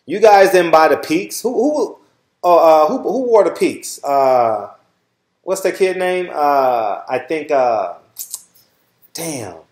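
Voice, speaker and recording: A man's voice: fairly high pitch, very animated, slow pace, reverberant. A middle-aged man with a Southern Californian accent, hosting his own channel and lecturing his viewers bluntly, swearing freely and asking "all right?" again and again. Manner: repeats "all right?" often. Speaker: channel host. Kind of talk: casual monologue to viewers.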